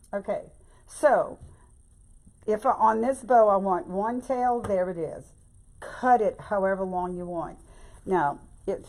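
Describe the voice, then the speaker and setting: A woman talks viewers through a craft step by step in a relaxed live-stream tutorial. Her manner is chatty and folksy, full of "y'all" and "babe". Her voice sits at a middle pitch. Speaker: bow-making instructor.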